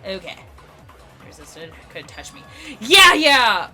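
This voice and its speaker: A young woman hosting a let's play, reacting out loud in an excitable way. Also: fairly high pitch, slow, over music. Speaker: gaming video host.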